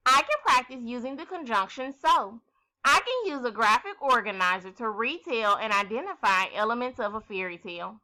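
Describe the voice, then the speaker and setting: A woman teaching a first grade lesson, reading a story aloud and asking the children questions in a clear, expressive way. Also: on the high side, normal speed.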